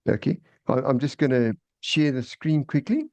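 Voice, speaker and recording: A man's voice: medium pitch, lively intonation, normal speed, creaky, darkish tone, no echo. A man hosting an online meeting and presenting an agenda item, with frequent repeated words and restarts. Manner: repetitive, stammering restarts. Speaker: meeting host. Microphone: video call.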